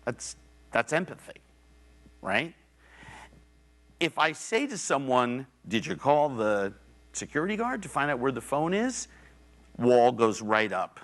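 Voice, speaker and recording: This middle-aged man speaks in a mid-range voice with lively intonation, going a little slowly and pausing often, with a fairly bright tone. He's lecturing publicly in a university theater, swearing casually as he tells stories in a conversational way and performs the quoted voices.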